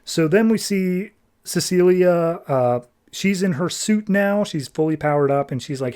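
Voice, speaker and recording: A man with a fairly high voice for his sex talks through a comic's plot as a podcast host. His delivery is loose and conversational, sprinkled with "like" and quick paraphrased lines from the characters. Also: a little mellow. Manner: loose, chatty retelling with frequent "like" and quick paraphrased quotes. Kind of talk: casual plot recap.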